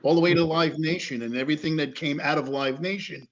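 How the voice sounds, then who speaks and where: A man's voice: a little high, steady tone, fast talker, a bit bright. A man hosting a fan podcast, asking loose conversational questions of his guest. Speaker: podcast host. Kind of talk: casual interview questions. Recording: muffled podcast audio.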